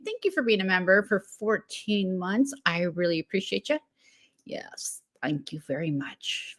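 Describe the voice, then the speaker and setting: A woman hosting a casual livestream, greeting viewers by name and giggling, then rambling with many fillers. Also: medium pitch. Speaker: livestream host.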